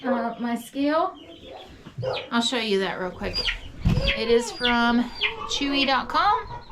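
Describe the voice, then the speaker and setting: A woman's voice: fairly high pitch, animated, slow pace. A woman, casually explaining goat care in a barn feed room in a chatty, rambling way. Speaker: goat farmer. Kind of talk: casual how-to farm vlog. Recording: farm noise with clucking chickens.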